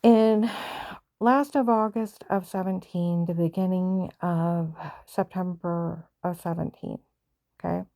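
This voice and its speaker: A woman's voice: on the low side, fairly even intonation, slow pace, vocal fry, dark tone, no echo, clean studio sound. An older woman tells a family story in a plain-spoken, repetitive way, sighing now and then. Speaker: mother telling a family story. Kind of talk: personal storytelling.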